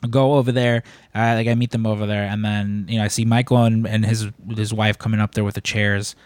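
A man hosting a podcast, telling a story in a casual, animated way and acting out the people he quotes. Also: on the low side, fairly quick, no echo. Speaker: podcast host.

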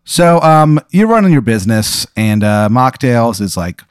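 A man hosting improv comedy, rambling through a made-up scenario with lots of fillers and deadpan delivery. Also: medium pitch, unhurried, smooth, no echo, clean studio sound.

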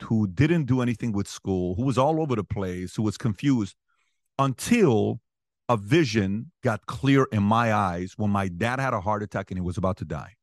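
A man in his forties, an interview guest telling personal stories with animated energy, his voice rising sharply when he relives arguments. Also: on the low side, no room sound, studio quality. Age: 40s. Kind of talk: storytelling in conversation.

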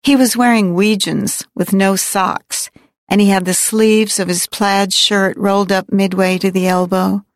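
A woman reading a novel aloud in first person, in a measured, wry and reflective way. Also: medium pitch, level tone, dry recording, studio quality. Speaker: audiobook narrator. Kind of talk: first-person audiobook narration.

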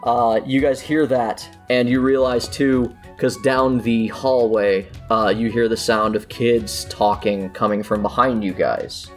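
A man running a tabletop game as game master, narrating scenes in a relaxed, chatty way and laughing often. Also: mid-range voice, a little slow, hardly any pauses, soft background music.

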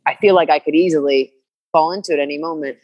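A woman's voice: deep voice, fairly even intonation, quick pace, lo-fi sound. A woman from New Jersey, a musician guest, talking earnestly in an interview with many fillers and restarts. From New Jersey, USA. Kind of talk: candid interview conversation.

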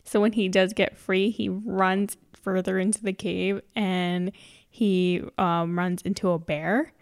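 A woman's voice: medium pitch, level tone, slow pace, clean tone. A woman casually retelling a movie plot to a friend, laughing often as she goes. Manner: giggly, laughs often while summarizing. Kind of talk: casual movie recap chat.

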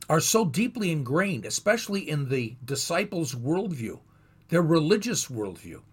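Husky man giving a lively Bible lesson. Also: fairly high pitch. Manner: thoughtful, explanatory, with pauses and restarts. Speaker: Bible teacher.

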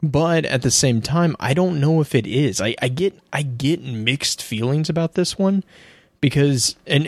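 A man co-hosting a casual podcast, talking in a halting way with repeated words and easy laughs. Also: mid-range voice, vocal fry, dry recording. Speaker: podcast co-host. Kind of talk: casual chat and reading aloud.

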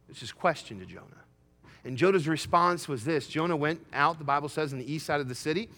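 Reading scripture during a sermon, this man voices the prophet Jonah with emphatic rises that reach excited heights. His voice is mid-range, and the recording has a long reverb tail.

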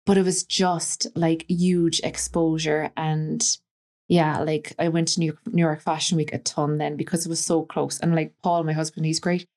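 A woman's voice: low-pitched, little pitch movement, normal speed, darkish tone. A woman from West Cork with an Irish accent, a stylist chatting as a podcast guest and telling anecdotes full of "like" and "you know". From Ireland, West Cork. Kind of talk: casual interview storytelling.

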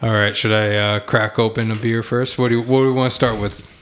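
A man's voice: fairly low pitch, flat delivery, fairly bright tone. A man co-hosting a casual podcast, chatting and joking with bandmates while tasting beer. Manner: joking, laughing, drawn-out jokes. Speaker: podcast co-host. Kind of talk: casual chat over beers.

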